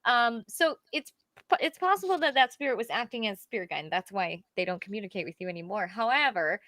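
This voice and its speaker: A woman's voice: mid-range voice, lively intonation, fast, fairly bright tone, dry recording. A woman who is a psychic medium and guest on a podcast, answering viewer questions in casual chat with a self-deprecating humor. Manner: frequent short agreement, self-deprecating laugh.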